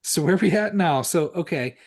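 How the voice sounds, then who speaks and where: With a voice on the high side, expressive and fairly quick, a male podcast co-host chats casually about a horror film. His profane, rambling talk is riddled with "like" and sentences that start over.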